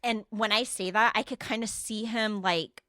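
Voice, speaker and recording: A young woman on a podcast tells a story in an animated way, swearing and acting out what others said. Her voice sits at a middle pitch. The sound is dry and close, with no room echo. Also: normal speed. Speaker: podcast co-host. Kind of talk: casual storytelling chat.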